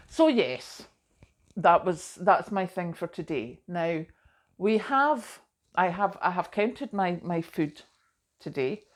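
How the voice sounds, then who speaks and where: Speaking slowly with frequent pauses, this middle-aged woman has a lowish voice and lively intonation. She chats casually to camera in a rambling, self-deprecating vlog, tossing in asides and often saying "do you know".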